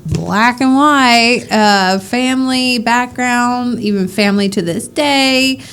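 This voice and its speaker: A woman's voice: on the high side, slow, a bit bright, smooth. A woman co-hosting a casual podcast chat, with a slight Midwestern twang. She rambles, giggles, and fills her sentences with ums and likes. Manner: rambling, giggly, many fillers. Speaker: podcast co-host.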